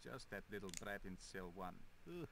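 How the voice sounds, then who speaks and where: A man's voice: on the low side, expressive, moderate pace, gravelly, noisy background. A man playing a bored prison guard in a video game, who talks in a grumbling, dismissive way.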